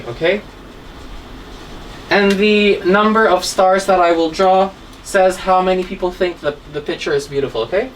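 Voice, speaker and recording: A woman's voice: on the low side, expressive, normal speed. A woman teaching an English grammar lesson, patiently spelling words letter by letter and checking in with "okay?" after nearly every line. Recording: distant mic, faint room noise.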